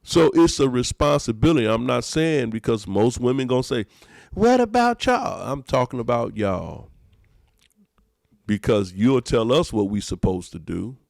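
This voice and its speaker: A man's voice: mid-range voice, moderate pace, creaky, a little mellow, no room sound, studio quality. A man, a pastor hosting a podcast, preaching emphatically in casual talk and repeating his phrases.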